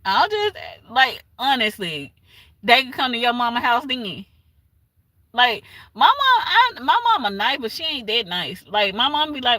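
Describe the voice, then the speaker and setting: A woman's voice: a little high, lively intonation, normal speed, sharp tone, dry recording. A woman, rambling in a casual livestream chat and laughing often.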